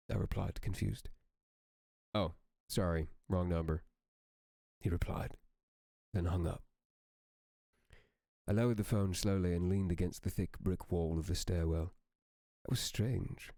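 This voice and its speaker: A man with a very deep, gravelly voice reads a horror story aloud in slow, steady storytelling. His tone is dark and warm, and the sound is close and dry. He reads as a streamer for his audience. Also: dry recording.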